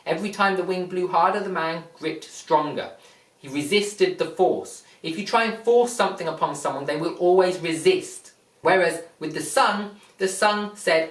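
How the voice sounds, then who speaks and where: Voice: medium pitch, a bit bright. A motivational speaker explaining a point plainly and emphatically, retelling a fable with lots of repetition. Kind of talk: motivational talk with a retold fable. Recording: echoey room, mic far off.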